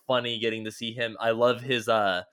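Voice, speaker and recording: A man's voice: mid-range voice, flat delivery, fairly quick, a bit bright, clear, resonant tone. A man co-hosting a podcast in casual chat, rambling with constant filler words and casual swearing. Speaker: podcast co-host. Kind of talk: casual chat recapping a TV show.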